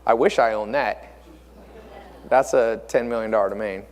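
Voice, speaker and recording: A man in his thirties giving a live seminar talk, animated and asking the audience rhetorical questions. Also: fairly low pitch, normal speed. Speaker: speaker at a mentor conference. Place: conference room with audience. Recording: long reverb of a hall.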